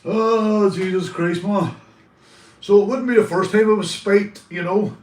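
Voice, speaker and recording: A man's voice: high-pitched, fairly even intonation, unhurried, a little mellow, far from the mic. Rambling Northern Irish man, off-mic. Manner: rambling, swearing, calls viewers mate. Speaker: livestreamer. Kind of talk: casual live stream chat. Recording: roomy, off-mic sound.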